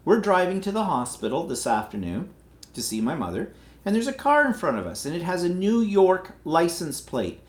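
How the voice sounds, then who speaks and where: A man's voice: sits high, big pitch swings, moderate pace. A man hosting a livestream, talking through a rambling, indignant opinion piece with plenty of fillers. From Canada. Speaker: livestream host. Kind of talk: casual opinionated monologue. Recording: roomy echo.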